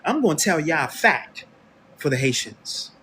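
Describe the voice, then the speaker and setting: A man from the United States hosts an online radio talk show. His delivery is a heated, preachy rant aimed straight at his audience, in a fairly high voice that leaps around with lively swings in pitch. Faint noise sits under the recording. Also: moderate pace. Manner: confrontational, preachy, addresses listeners directly. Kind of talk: heated commentary monologue.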